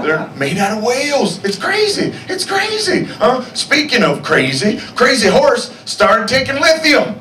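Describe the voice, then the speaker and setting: Brash frontier-era stand-up man as a comic puts him on, punchy one-liners, lively swinging pitch. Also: background noise, full character voice. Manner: punchy one-liners, prods the crowd with "Hmm?". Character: brash old-timey male Old West comic. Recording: roomy club sound from far off.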